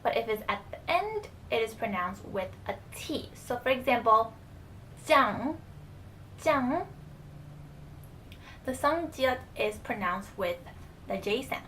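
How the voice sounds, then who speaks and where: A young woman teaching a casual video lesson, explaining slowly and repeating each example word. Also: a little high, sing-song, a bit bright, slight background noise. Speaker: language teacher.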